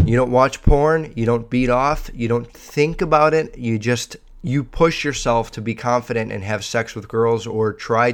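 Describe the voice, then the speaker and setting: A man hosting a podcast in casual chat, rambling, candid and profane. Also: medium pitch. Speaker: podcast host.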